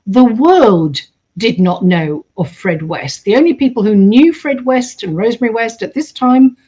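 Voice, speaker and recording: Animated woman telling a true story. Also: fairly high pitch. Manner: animated, acts out quoted voices. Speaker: storyteller host. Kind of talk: casual storytelling.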